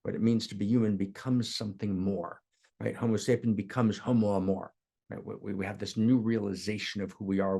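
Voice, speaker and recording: A man's voice: lowish voice, gravelly, warm tone, husky. A middle-aged man, a spiritual teacher, tells a sacred story to listeners in an impassioned way, often adding "right?" and repeating his words.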